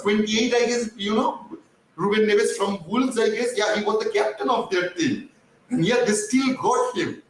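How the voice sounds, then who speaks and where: A man's voice: high voice, a bit bright, slight background noise. A man with a cracked voice, hosting a casual football fan chat and rambling with repeated words and fillers. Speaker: fan channel host. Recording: distant mic in a very echoey room.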